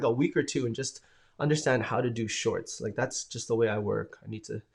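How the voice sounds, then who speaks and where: A man's voice: medium pitch, gravelly, a little mellow. A man hosting a live stream in a casual, rambling chat, reading out viewer comments and answering them with enthusiasm.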